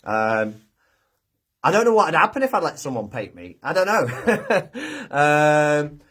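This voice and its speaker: High-voiced chatty British man. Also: very animated, a little slow, fairly bright tone. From United Kingdom. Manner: chatty, chuckles often, reads comments aloud. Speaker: livestream host. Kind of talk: casual live chat reading viewer comments. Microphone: phone.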